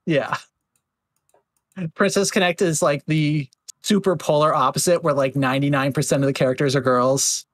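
Chatty man with a higher voice. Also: fairly even intonation, moderate pace. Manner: chatty, filler-heavy, slips into mocking voices. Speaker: podcast host. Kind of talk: casual chat.

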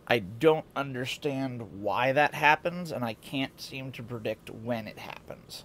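A man's voice: mid-range voice, slight background noise. A male streamer with a sleepy morning voice and stuffy sinuses, chatting loosely and chuckling at a desk mic at home. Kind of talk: casual game-stream chat.

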